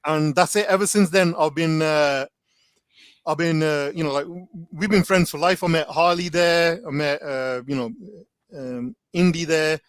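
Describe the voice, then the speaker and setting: A man's voice: a little high, fairly even intonation, moderate pace, clean tone, no room sound. A man, a guest in a casual chat, telling stories animatedly with lots of slang and filler words. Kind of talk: casual storytelling.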